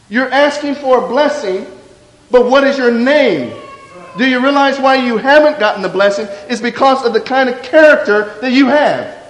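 A man preaches a sermon, his voice sitting high for a man. He speaks with fervor and drops low and soft when he voices a confession. The sound rings with the long reverb of a church hall.

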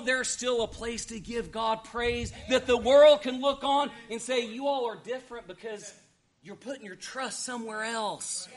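A man preaching a sermon, swinging between hushed asides and shouted exhortation, asking the congregation rhetorical questions. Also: very high-pitched.

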